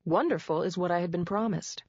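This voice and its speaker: A woman narrating a first-person audiobook in a wry, measured way, close to a studio mic. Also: on the low side, darkish tone, slightly rough, dry recording. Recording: dull dry studio read.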